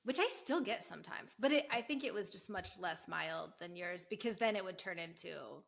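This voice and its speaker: A woman's voice: mid-range voice, fairly quick, creaky, fairly bright tone, a little hiss or hum. A young woman co-hosting a podcast, chatting frankly and vividly about new motherhood. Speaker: podcast co-host. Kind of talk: casual chat.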